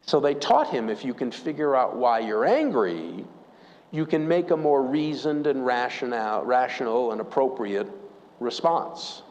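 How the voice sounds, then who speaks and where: A man's voice: mid-range voice, expressive, unhurried, darkish tone, highs cut off. A man preaching a sermon, telling a story and asking the congregation questions. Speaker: pastor. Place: church. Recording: long church reverb.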